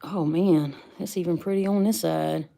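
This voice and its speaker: Lady rambling to her stream chat, gravelly low-ish tone, greets everybody. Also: fairly even intonation, moderate pace, warm tone. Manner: chatty, greets viewers by name, laughs easily. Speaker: livestream host unboxing rocks. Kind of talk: casual livestream chat.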